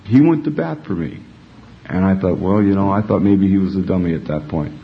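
A man's voice: low-pitched, expressive, a little fast, vocal fry. Profane laughing man telling his story. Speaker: speaker sharing at a recovery meeting. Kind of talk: personal recovery story told to a group. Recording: dull lo-fi recording, faint noise.

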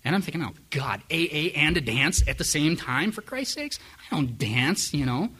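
A man's voice: on the high side, very animated, moderate pace, sharp tone, breathy edge. A middle-aged man candidly telling his own recovery story to a live audience, self-mocking and frank. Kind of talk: personal testimony to a live audience.

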